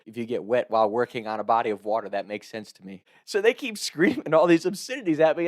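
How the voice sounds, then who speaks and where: A young man in his twenties casually telling a funny story to camera, animated, laughing and swearing often. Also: medium pitch, fast talker, hardly any pauses. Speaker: content creator telling a story.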